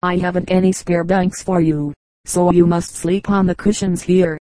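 Woman reading an old adventure audiobook, low flat voice, dry close sound. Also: moderate pace, no echo, poor audio. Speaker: audiobook narrator. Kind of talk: scripted audiobook narration.

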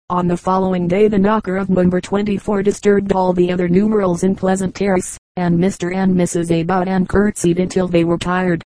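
A woman reading a Victorian novel aloud as an audiobook narrator, in a measured, even manner. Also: on the low side, no echo, rough recording. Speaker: audiobook reader.

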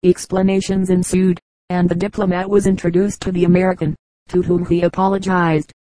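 A woman reading a collection of humorous anecdotes aloud as an audiobook narrator, in a measured, even storytelling manner. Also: fairly low pitch, dry recording, poor audio. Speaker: audiobook reader.

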